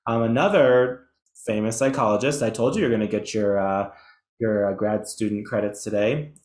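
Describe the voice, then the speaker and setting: A man's voice: on the low side, moderate pace, a little mellow, reverberant. A man presenting an educational webinar in a chatty, enthusiastic way, with some self-deprecating asides. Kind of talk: webinar lecture.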